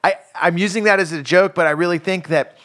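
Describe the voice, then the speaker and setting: A man's voice: sits high, a little fast, fairly bright tone. A man hosting a parenting podcast, talking casually with lots of restarts and fillers. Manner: laid-back, rambling with restarts and fillers. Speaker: podcast host. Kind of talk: casual chat.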